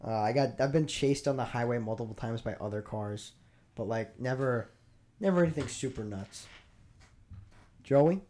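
A young man chatting casually on a podcast, reacting fast and laughing easily. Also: mid-range voice, dark tone. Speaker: podcast co-host. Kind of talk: casual chat.

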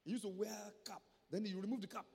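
A man with a Nigerian accent preaching a sermon as pastor, emphatic and repetitive, rising at times to shouts. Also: high voice, fairly even intonation, quick pace, vocal fry, husky. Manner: emphatic, repeats words, rises to shouts. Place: church hall. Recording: long church hall reverb.

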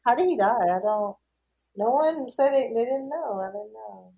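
A woman co-hosting a podcast in casual chat, animated, laughing often and swearing freely. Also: on the high side, moderate pace, creaky, lo-fi sound. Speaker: podcast co-host.

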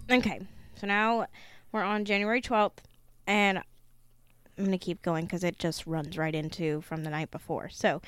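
Smooth-voiced woman reading aloud. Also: medium pitch, no echo, studio quality. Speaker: podcast co-host reading a book aloud.

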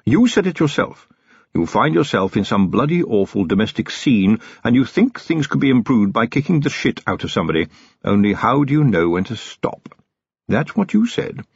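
Brief: male narrator voicing a sly, knowing manservant, high and lively, dry close recording. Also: normal speed, creaky, breathy edge, no room sound, highs cut off, full character voice. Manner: blunt, knowing, chatty. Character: shrewd cheeky male manservant, middle-aged.

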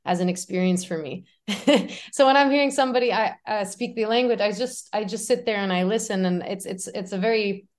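A woman's voice: medium pitch, fairly quick. A woman guest on a podcast, talking casually and animatedly, laughing often and restarting her sentences. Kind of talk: casual conversational storytelling.

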